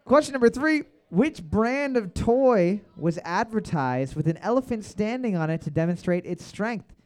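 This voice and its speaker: A high-pitched man hosts a casual trivia night, his voice swinging widely as he reads questions twice and cracks jokes. He keeps things loose and animated. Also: moderate pace. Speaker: trivia host. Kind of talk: casual bar trivia hosting.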